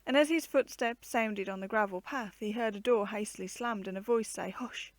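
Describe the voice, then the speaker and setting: A woman reading a children's storybook aloud with an expressive, varied storytelling delivery. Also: medium pitch, brisk, no room sound.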